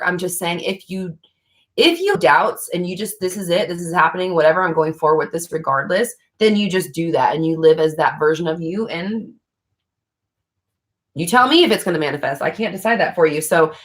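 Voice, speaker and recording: A woman hosting a livestream, answering viewer questions in a blunt, frank casual chat, swearing freely. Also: medium pitch. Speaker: livestream host.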